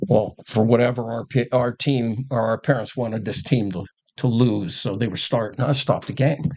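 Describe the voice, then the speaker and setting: An older man with a husky, slightly breathy voice recounts old coaching stories in a relaxed podcast conversation. He talks casually and acts out the lines of the people in his stories, laughing as he goes. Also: medium pitch, normal speed. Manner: animated storyteller who acts out quotes and laughs. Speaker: guest, former coach.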